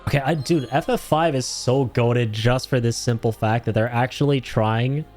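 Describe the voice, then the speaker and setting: An excitable male streamer chatting casually through a game, slangy and profane. His voice sits in a middle pitch, with faint music underneath. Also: moderate pace. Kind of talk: casual gaming stream commentary.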